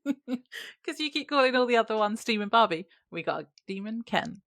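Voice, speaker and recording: Gravelly-voiced woman chiming in. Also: fairly high pitch, animated, normal speed, fairly bright tone, dry recording, clean studio sound. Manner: laughs often, chimes in with short remarks. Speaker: podcast co-host. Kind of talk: casual chat.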